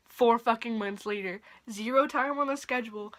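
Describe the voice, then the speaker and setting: A woman's voice: on the high side, brisk, few pauses. Profane young woman telling a storytime. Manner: drops to a whisper at times. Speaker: vlogger. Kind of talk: casual storytime vlog. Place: bedroom at night.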